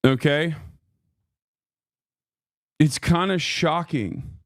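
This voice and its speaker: A man's voice: fairly high pitch, very slow, no echo, clean studio sound. Heated, profane man ranting on stream. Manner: profane, heated, repeats "okay?" often. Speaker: streamer reacting to a video. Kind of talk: angry live-stream rant.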